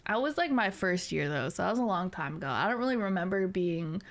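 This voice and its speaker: A woman's voice: lowish voice, very animated, fast talker. A young adult woman streamer chatting casually with viewers, laughing often and teasing.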